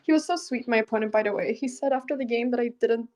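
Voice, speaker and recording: A young woman with a high, bright voice talks casually with her stream viewers. She is chatty and laughs often between her words. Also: fast, poor audio. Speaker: chess streamer. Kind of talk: casual live-stream chat.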